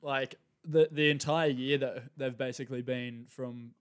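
A man's voice: mid-range voice, steady tone, a little slow, clear, resonant tone. A man, a laid-back guest in a casual podcast chat.

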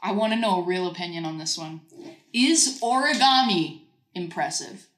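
A woman's voice: lowish voice, lively intonation, moderate pace, fairly bright tone. A tipsy woman co-hosting a podcast, teasing her friends in casual chat. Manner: dry, teasing. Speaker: podcast co-host and editor. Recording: roomy echo.

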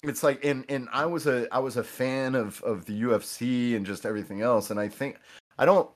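Animated, swearing man telling stories. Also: medium pitch, fairly quick. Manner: animated, profane, with many restarts and quoted voices. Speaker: podcast guest. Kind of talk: casual storytelling chat.

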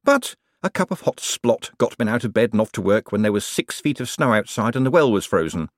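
A man reads a comic fantasy audiobook with wry, expressive storytelling. His voice is on the low side but lively in its pitch. The recording is dry and close, with no room sound. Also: fairly quick, no echo. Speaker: audiobook reader. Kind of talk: audiobook narration.

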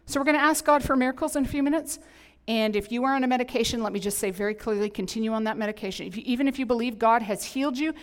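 A middle-aged woman pastor preaching a sermon in an animated, emphatic, conversational way with humorous asides. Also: mid-range voice. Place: church sanctuary. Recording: long hall reverb.

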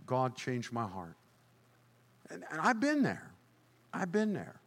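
Older guy pastor preaching, bright voice jumping all over in pitch, big echoey church hall. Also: slow. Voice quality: lively, swings from low murmur to high shouting. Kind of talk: sermon. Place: church sanctuary.

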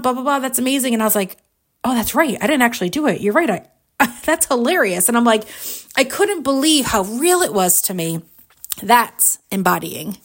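A woman hosting a solo podcast, telling a personal story in a chatty, animated way full of fillers. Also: high-pitched. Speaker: podcast host.

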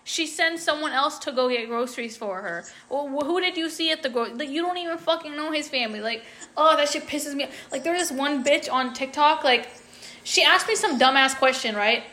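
High, bright-voiced woman ranting profanely. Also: brisk. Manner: profane, heated ranting storyteller. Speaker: podcast co-host. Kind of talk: casual chat. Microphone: phone call.

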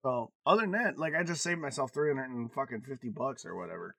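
A man in casual podcast chat who tells stories with wide, lively swings in pitch and bursts of loud laughter. His voice is bright and a little high. The sound is close and dry. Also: quick pace, creaky, no room sound. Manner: animated storytelling, swearing, laughing often, big swings in loudness. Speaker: podcast co-host.

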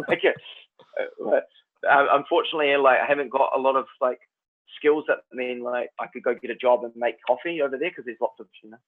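A New Zealand man with a Kiwi accent, an actor chatting as a guest in a relaxed, rambling way. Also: medium pitch, a little fast. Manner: laid-back, rambling, says "man" and "like" a lot. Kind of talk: casual chat. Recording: tinny phone-like line.

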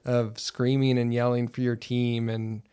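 A man's voice: medium pitch, level tone, measured pace, warm tone, clean tone. A man hosting a podcast, chatting casually and enthusiastically. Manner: chatty, enthusiastic about hockey. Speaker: podcast host. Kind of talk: casual conversation.

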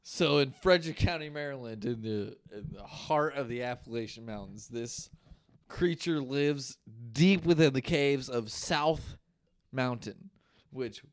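Animated, profane male podcast storyteller. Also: mid-range voice, measured pace, smooth. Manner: animated, profane, laughs often. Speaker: podcast co-host. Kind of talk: casual chat, storytelling folklore.

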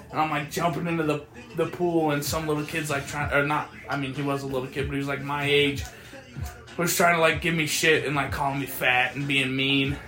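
A man's voice: a little high, echoey room. A man telling stories in a casual chat, profane and laughing as he goes. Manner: profane, laughing, animated storytelling. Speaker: podcast host.

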